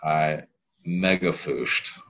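A man in his thirties with a very low voice chats as a podcast guest. He tells loose, rambling stories in a laid-back way. The audio is a bit dull and lo-fi. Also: drawn-out words, a bit bright. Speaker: guest, pelvic health physical therapist. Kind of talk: casual podcast conversation.

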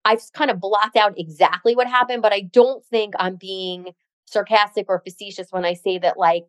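A woman's voice: mid-range voice, fairly even intonation, normal speed, no room sound. A woman co-hosting a podcast, telling a story in a sarcastic, emphatic way, full of "like" and "you know". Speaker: podcast co-host. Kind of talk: casual chat.

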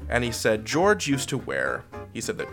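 A man's voice: normal speed, creaky, over music. A man co-hosting a podcast, telling a comedic story in a casual way and acting out the people he quotes. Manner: animated, acts out quoted people with big pitch jumps.

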